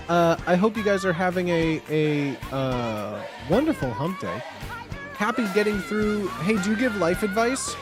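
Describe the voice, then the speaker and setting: A livestream host with a high-sitting voice and lively intonation talks a little slowly over background music. Chatting casually with viewers, he's playful and jokey, rambling and filling his speech with "like" and restarts.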